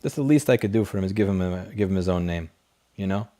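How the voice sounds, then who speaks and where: A man's voice: sits low, quick pace, warm tone. A man hosting a casual late-night livestream, reading chat questions and answering in a blunt, profane, rambling way through a desk microphone.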